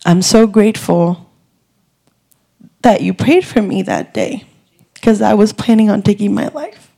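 A woman's voice: medium pitch, a little mellow. A young woman in her twenties sharing a testimony at church, nervous and earnest, rambling with many fillers. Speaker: youth director.

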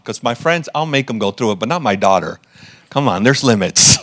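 A man's voice: on the low side, brisk, a bit bright. Storytelling male pastor preaching a sermon. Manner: storytelling, self-deprecating humor.

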